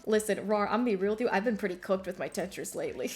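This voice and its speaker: A woman's voice: medium pitch, lively intonation, fast, a little mellow, faint music behind. A woman streamer chatting casually with her viewers while gaming, bubbly and giggly, full of slang.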